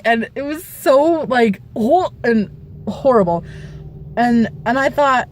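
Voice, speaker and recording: A young woman vlogger telling a story casually, animated, with squeals and shrieks as she retells it. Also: fairly high pitch, measured pace, a little hiss or hum.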